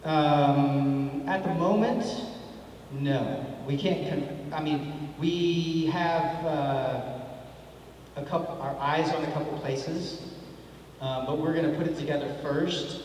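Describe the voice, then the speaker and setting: A man's voice: on the high side, takes it slowly, a little mellow. A middle-aged man telling stories at a convention panel, laid-back and laughing, acting out dialogue as he goes. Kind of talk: storytelling at a fan panel. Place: large convention hall. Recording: echoey hall from far off, faint noise.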